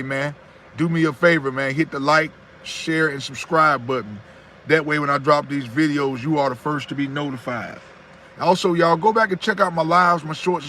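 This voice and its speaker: A man's voice: a little high, sharp tone, a little hiss or hum. A man in his thirties giving folksy motivational talk on his own channel, repeating his points and greeting viewers by name. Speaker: YouTuber hosting a live stream.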